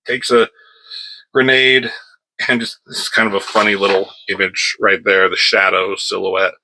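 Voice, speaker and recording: A man's voice: medium pitch, pushed and bright, poor audio. A man reviewing a comic book at home in an offhand, rambling chat, breaking off now and then to scold his cat.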